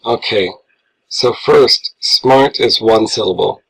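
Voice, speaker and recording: A man with a fairly low, slightly rough voice and some vocal fry speaks slowly, his tone fairly bright over a rough recording. He's an English teacher giving a grammar lesson, patiently going through worksheet answers step by step and talking through what he writes as he marks corrections.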